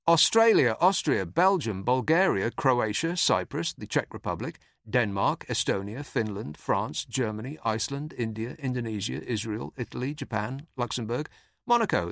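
A man's voice: medium pitch, no room sound. A man hosting a podcast, delivering a dry, sardonic scripted comic monologue. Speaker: podcast host.

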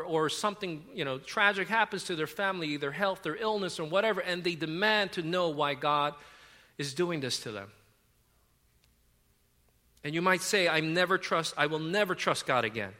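High, bright-voiced man preaching casually. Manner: casual, rambling, frequent fillers and self-corrections. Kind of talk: conversational sermon.

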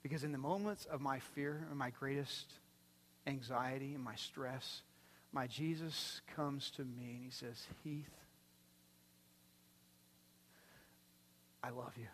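A man preaching a sermon as pastor, animated and swinging from hushed to loud. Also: medium pitch, measured pace, slight background noise. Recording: long reverb from a large hall.

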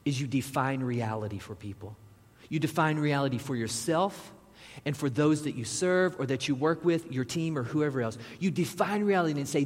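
A man preaches in a casual, talk-to-the-room way, pausing to put questions and asides straight to his congregation. His voice is a little husky. The sound carries the long echo of a large church sanctuary. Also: on the high side, darkish tone. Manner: conversational preaching with asides to the audience. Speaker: pastor. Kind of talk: sermon. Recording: long reverb of a large hall.

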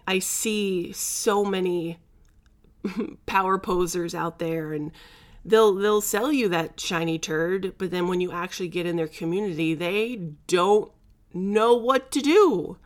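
A woman life coach talking frankly in a vlog, emphatic and animated, with blunt slang and laughter between her points. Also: on the low side, slow. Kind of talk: candid talking-head vlog.

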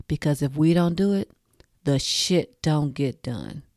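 A woman in her forties hosts a casual talk, speaking bluntly and swearing freely straight to her listeners. Her voice sits low and mellow. The recording is dry and close. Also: lively intonation, measured pace, no echo. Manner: laughs at her own jokes. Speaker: podcast host.

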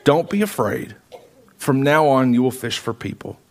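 A man voicing Jesus in a sermon retelling, with a calm, gentle delivery in his own fairly high voice. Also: quick pace, husky, full character voice.

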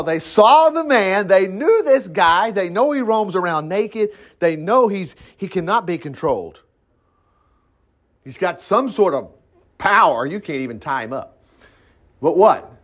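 A man preaching who reads scripture aloud and keeps breaking off for lively asides and exclamations. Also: on the high side. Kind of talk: sermon reading and commenting on scripture.

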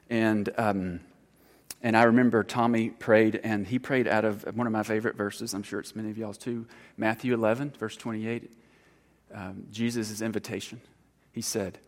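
A man gives an informal sermon as a church counselor. His low, gravelly voice rings with a long hall reverb. He talks in an earnest, halting way, stopping often to restart. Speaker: church counselor speaking to congregation.

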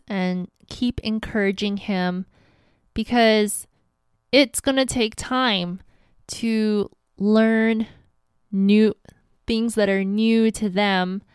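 A young adult woman hosting a podcast, giving relationship advice in an earnest, gentle and encouraging way. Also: mid-range voice, clear, resonant tone, dry recording, clean studio sound. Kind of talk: casual advice talk.

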